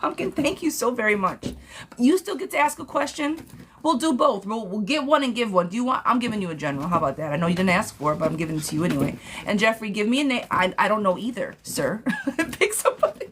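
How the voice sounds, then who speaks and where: A woman's voice: fast talker, noisy background. A woman hosting a live-stream tarot reading, talking bluntly and sassily to viewers and calling them girlfriend. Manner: bursts into high excited gushing.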